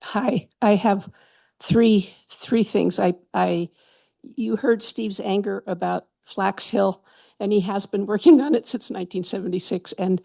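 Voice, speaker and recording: A woman with a gravelly, creaky voice gives passionate public comment at a council meeting. She rambles with enthusiasm, and the sound is dry and close. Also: mid-range voice, warm tone, no echo. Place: town council chamber.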